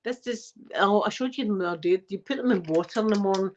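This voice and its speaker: An older Scottish woman chats and tells stories in a cheeky, chatty way, catching her breath between phrases. Her voice sits at an ordinary pitch for a woman. The recording sounds a little dull and lo-fi. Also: fast, background noise. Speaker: channel host. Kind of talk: casual chat.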